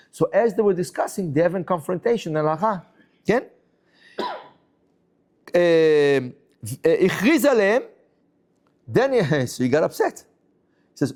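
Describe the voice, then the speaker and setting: A man, a rabbi, teaching a Talmud class as a lively story, acting out the dialogue and restating each point for his students. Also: high-pitched, moderate pace, long pauses. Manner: acts out the dialogue of the story, exclaiming and questioning.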